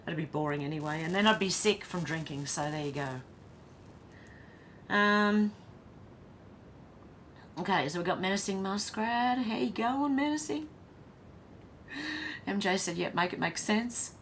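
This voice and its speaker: A woman's voice: mid-range voice, unhurried, pauses often, a bit bright, slight background noise. An Australian woman hosting a casual live stream, reading viewer comments aloud, chatty and blunt, laughing often and swearing.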